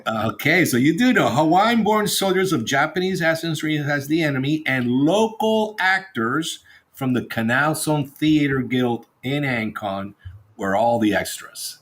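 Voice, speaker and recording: A man's voice: on the high side, expressive, unhurried, fairly bright tone. A man co-hosting a casual chat, playful, reading out facts.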